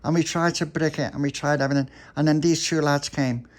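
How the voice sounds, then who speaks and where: A man's voice: fairly high pitch, fairly even intonation, brisk. A man narrating a homemade bedtime story in a homely, chatty way.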